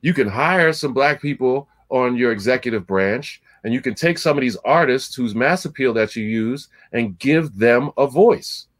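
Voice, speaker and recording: A man's voice: medium pitch, lively intonation, normal speed, hardly any pauses. Blunt, impassioned man telling a story. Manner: retells conversations by acting out both sides. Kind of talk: casual chat, storytelling.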